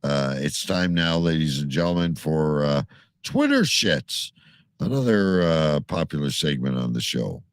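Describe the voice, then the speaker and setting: A man's voice: extremely low pitch, normal speed, few pauses, clean tone, dry recording, clean studio sound. A man hosting a live comedy talk show, announcing segments playfully. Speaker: show host.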